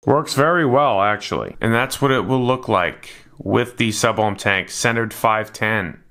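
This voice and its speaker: A man's voice: fairly low pitch, a little slow, fairly bright tone. A man narrating a casual hands-on product review in a laid-back, matter-of-fact way.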